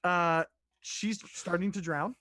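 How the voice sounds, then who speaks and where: A man acting as dungeon master, narrating a tabletop game in a loose, halting way, with restarts and the odd curse. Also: high-pitched, fairly even intonation, pushed and bright, no room sound.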